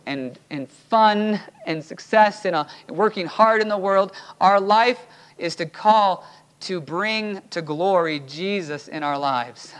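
Male pastor, high voice, emphatic pulpit preaching, urgent exhortation. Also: fairly bright tone, clean tone. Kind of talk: sermon. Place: church.

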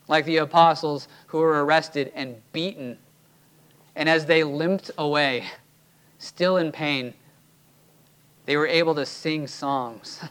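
Male pastor, high voice, emphatic pulpit preaching, urgent exhortation. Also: a bit bright, clean tone. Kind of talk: sermon. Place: church.

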